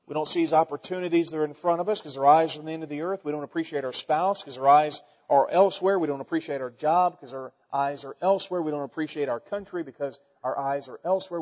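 A man preaching a folksy, animated sermon to his church, swinging between loud declarations and quiet asides. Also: on the high side. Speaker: pastor. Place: church sanctuary. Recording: dull sound with long hall reverb.

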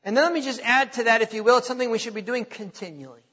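A male pastor delivers a sermon with emphatic repetition and dramatic slowdowns. His voice sits very high and sounds bright and forceful. The recording is dull, with a long church reverb. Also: slightly rough. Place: church sanctuary.

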